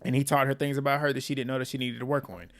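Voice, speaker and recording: Male YouTube recapper, casual and outspoken, mid-pitched everyday voice. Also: rapid-fire. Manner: blunt, animated, swears and laughs often. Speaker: reality TV recap host.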